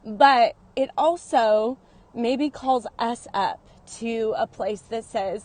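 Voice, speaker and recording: A woman's voice: a little high, slow pace, darkish tone. Earnest emotional woman sharing heartfelt story. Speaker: vlogger. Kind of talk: personal confessional vlog. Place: in and near her car.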